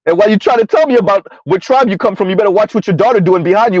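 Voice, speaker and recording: Blunt, mocking high-voiced man. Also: racing, a little mellow, dry recording. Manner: blunt, mocking, laughs often. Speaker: online commentator. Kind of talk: live-stream commentary reading chat. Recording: dull lo-fi dry sound.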